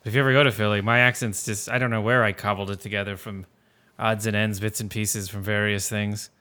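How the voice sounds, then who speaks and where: A man's voice: fairly low pitch, flat delivery, fast talker, bright, forceful tone, smooth. A man co-hosting a casual movie podcast, rambling and self-correcting with frequent laughs. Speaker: podcast co-host.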